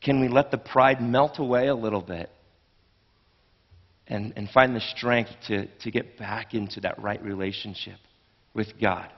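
A man's voice: fairly low pitch, a little slow, long reverb tail, dull audio. A man preaching a sermon in an earnest, conversational way, often restarting his phrases. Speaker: pastor.

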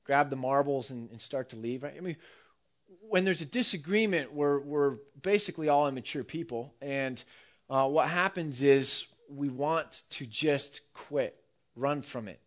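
A man preaching a sermon, telling a story with lively, acted-out quotes. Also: medium pitch, unhurried. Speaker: pastor.

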